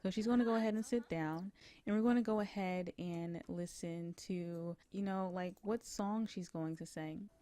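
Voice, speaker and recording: A woman's voice: on the low side, moderate pace, dark tone. A young woman narrating a life-sim game in a casual, rambling way, full of fillers. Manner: rambling, heavy on fillers like "you know, like". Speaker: gameplay narrator. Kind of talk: casual let's-play narration.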